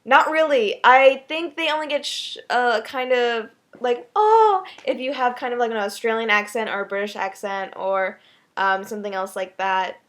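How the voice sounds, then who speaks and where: A woman's voice: on the high side, fairly even intonation, moderate pace, fairly bright tone. Chatty young American woman vlogger. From Texas, USA. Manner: chatty and upbeat, with frequent ums and laughs. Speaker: vlogger answering viewer questions. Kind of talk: casual Q&A vlog.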